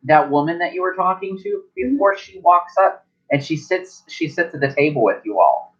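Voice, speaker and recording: A man's voice: a little high, sing-song, normal speed. A man running a tabletop game as game master, narrating loosely with many fillers. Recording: dull lo-fi sound.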